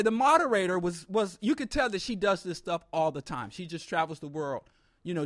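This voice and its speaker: A man telling a humorous story in an animated, comic way with exaggerated asides. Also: sits high, no echo, studio quality.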